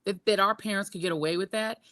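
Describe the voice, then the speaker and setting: A middle-aged woman from the United States co-hosting a podcast, telling animated, joking stories in casual chat. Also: mid-range voice, fast talker, dry recording, clean studio sound. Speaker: podcast co-host.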